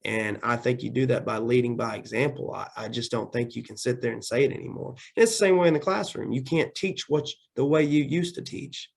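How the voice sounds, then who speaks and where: A man's voice: mid-range voice, brisk, vocal fry, hardly any pauses, husky. A man who coaches football and teaches, answering interview questions energetically and often repeating words as he restarts.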